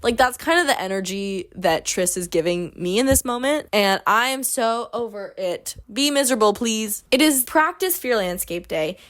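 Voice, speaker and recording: A woman's voice: a little high, animated, normal speed, few pauses, fairly bright tone. A young woman hosting a casual book recap, retelling the story with sarcastic, exasperated asides and lots of "like". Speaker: book review host.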